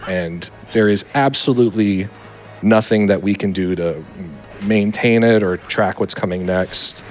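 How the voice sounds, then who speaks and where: A man co-commentating a speedrun, explaining the game's mechanics and correcting himself as he goes. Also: on the low side. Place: charity marathon event stage.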